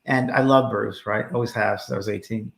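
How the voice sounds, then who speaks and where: A man, a medium co-hosting a casual chat, telling animated, jokey stories. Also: fairly low pitch, brisk, gravelly, reverberant. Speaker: medium and show co-host.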